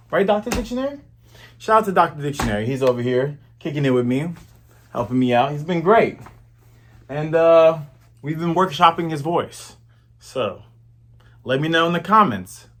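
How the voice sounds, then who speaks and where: A man's voice: a little high, animated, moderate pace, long pauses, a bit bright. A man in his thirties hosting a manga review, chatty and slangy in casual commentary. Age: 30s.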